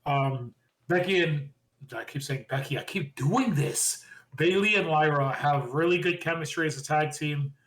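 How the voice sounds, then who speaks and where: A man with a slightly high voice talks quickly and animatedly. He co-hosts a casual podcast and recaps the week's wrestling with strong opinions. He often acts out the lines people said. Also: fairly bright tone, poor audio. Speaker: podcast co-host.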